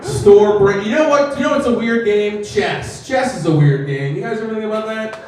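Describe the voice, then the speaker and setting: A man's voice: high voice, normal speed, distant mic. A man doing a stand-up comedy set, self-deprecating and acting out characters in voices, recorded in an echoey room from off the mic.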